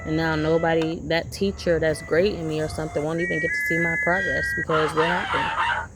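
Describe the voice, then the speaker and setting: Gravelly-voiced woman preaching in a vlog. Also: deep voice, flat delivery, brisk, over loud music, poor audio. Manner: rambling, preachy, repeats herself. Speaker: vlogger. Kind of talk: casual motivational monologue.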